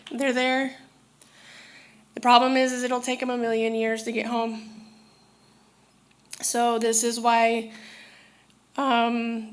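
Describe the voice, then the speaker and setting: A woman's voice: on the high side, fairly bright tone. A woman telling a personal story in a casual, rambling way, often restarting her sentences. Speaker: spiritual speaker.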